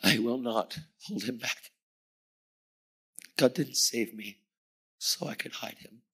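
Slow, forceful, and husky, this man's mid-range voice is also creaky and bright. In his fifties, he's a guest preacher sharing a personal story as a sermon, stressing points and acting out the dialogue.

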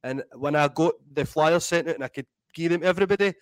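A Scottish man in his thirties, a DJ and comedian telling animated, sweary stories in a casual interview. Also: a little high, fast talker, dry recording, poor audio. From Scotland. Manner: animated, swears freely, acts out voices in anecdotes. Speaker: guest DJ and comedian.

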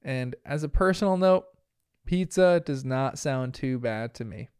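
A man's voice: mid-range voice, expressive, a little slow. A young man from New Jersey hosting a casual cartoon review, chatty and laughing often at his own asides. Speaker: podcast host reviewing a cartoon. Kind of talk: casual episode commentary.

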